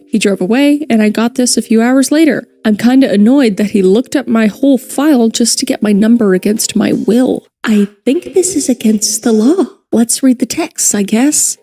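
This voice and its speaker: A woman's voice: on the high side, normal speed, few pauses, warm tone. A young woman streamer, unwell with a headache, reading Reddit posts in a rambling, casual, self-deprecating way while she plays a game.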